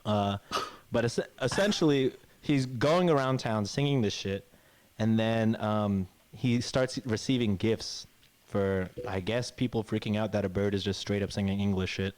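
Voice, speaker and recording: A man's voice: on the low side, normal speed, a little mellow, a little hiss or hum. A man telling a grim fairy tale in a casual, rambling way, swearing and acting out the characters' lines. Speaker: podcast co-host. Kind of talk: casual storytelling chat.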